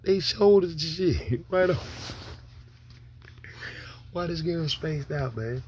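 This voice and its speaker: A man's voice: on the high side, lively intonation, slow pace, darkish tone, a little hiss or hum. A man casually commenting on a video for his live chat, loose and profane, rambling with many restarts. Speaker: streamer reacting to a video.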